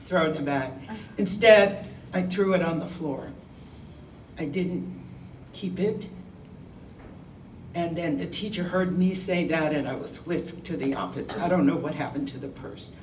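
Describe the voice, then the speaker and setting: A woman's voice: low voice, unhurried, a little hiss or hum. An older woman giving a candid, wry talk to a school class, telling her own story in a conversational way. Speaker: guest speaker. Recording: roomy sound from a distant mic.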